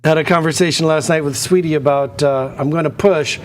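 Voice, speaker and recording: Male auction host, slightly high voice, anecdotal rambling studio patter. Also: steady tone, a little fast, a little hiss or hum.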